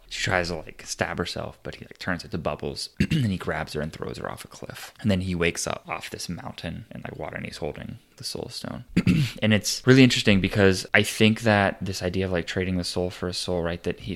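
A man's voice: sits low, a little fast, creaky. A man co-hosting a podcast, retelling a film scene in casual chat, full of "like" fillers and quoted lines. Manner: animated retelling, many "like" fillers, quoting characters. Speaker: podcast co-host.

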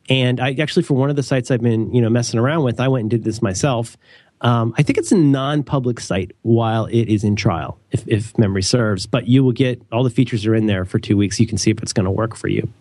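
A middle-aged man co-hosting a podcast and reading an ad in a jokey, rambling, animated way. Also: brisk, no echo, studio quality. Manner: animated, rambling, jokey, with sudden high leaps. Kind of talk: casual podcast chat.

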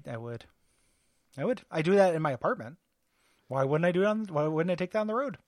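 A man with a slightly higher voice co-hosting a podcast in easy, casual chat. He hesitates often, filling gaps with ums and laughing easily. The sound is dry and close. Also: lively intonation, fast, darkish tone, no room sound. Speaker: podcast co-host.

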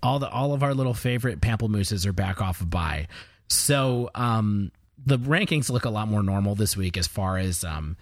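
Low-voiced man joking through a football podcast. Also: animated, no room sound, clean studio sound. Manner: joking, quick banter. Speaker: podcast co-host. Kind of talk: casual fantasy football chat.

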